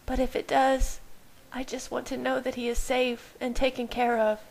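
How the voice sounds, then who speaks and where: A woman reader voicing a frightened young pregnant woman who pleads in a strained, high, tearful voice. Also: little pitch movement, moderate pace, vocal fry, darkish tone. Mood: desperate pleading.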